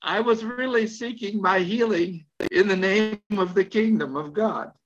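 A man's voice: sits high, a little slow. An older man preaching a sermon, telling a story with repeated phrases and questions to his listeners. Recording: slightly dull lo-fi recording.

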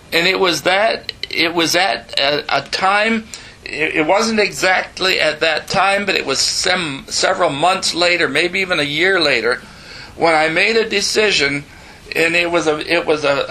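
A man's voice: on the high side, gravelly, bright, forceful tone, poor audio. A man in his seventies preaching a sermon, telling his own story earnestly with emphatic asides and bantering with the audience. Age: 70s. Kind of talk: sermon testimony.

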